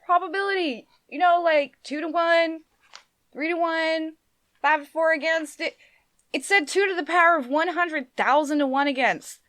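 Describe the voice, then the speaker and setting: Woman doing a brash, excitable alien man. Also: very high voice, normal speed, no room sound, pitched above the performer's own voice. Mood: excited. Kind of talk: live book reading.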